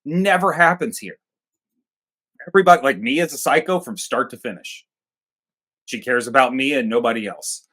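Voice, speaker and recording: A man's voice: medium pitch, normal speed, pauses often, a bit bright. A man co-hosting a movie review show in casual chat, cracking crude, profane jokes. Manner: crude, joking, profane banter. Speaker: movie review podcast co-host.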